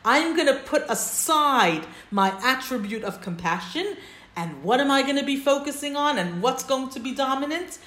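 A woman's voice: sits high, animated, moderate pace, a bit bright. A woman teaching a text-study class, explaining step by step and checking in with her listeners. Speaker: Torah teacher. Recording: roomy echo.

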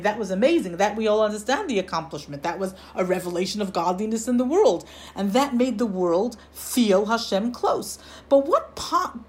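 A woman teaching a religious lesson, telling a parable in an animated way and often restarting her sentences. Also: medium pitch. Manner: animated storytelling with frequent restarts. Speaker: Torah teacher.

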